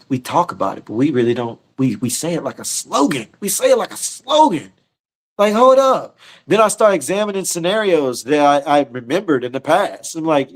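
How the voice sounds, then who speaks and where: A man teaching scripture in a casual, slangy sermon style, often repeating and restarting his words. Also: medium pitch. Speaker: teacher leading a scripture study.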